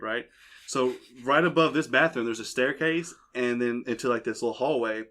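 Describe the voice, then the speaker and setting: A man's voice: mid-range voice, fairly quick, a bit bright. A young man hosting a podcast, telling a crude, rambling story in casual chat. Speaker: podcast host. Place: basement.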